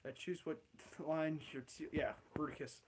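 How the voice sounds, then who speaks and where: A man's voice: fairly high pitch, steady tone, normal speed, a little hiss or hum. A man hosting a casual livestream Q&A, chatting in a playful, joking, rambling way. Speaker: host.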